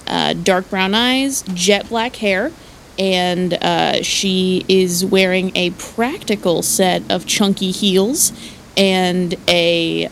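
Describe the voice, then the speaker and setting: A woman's voice: mid-range voice, gravelly, slight background noise. A woman playing a tabletop role-playing game, talking hesitantly and stumbling over her words. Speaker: player. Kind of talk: casual tabletop game play.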